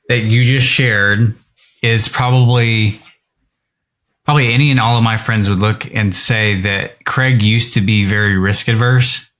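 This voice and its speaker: Lower-voiced earnest podcast host, thirties. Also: male voice, a bit bright. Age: 30s. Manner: earnest, casual, swears. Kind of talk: casual interview chat.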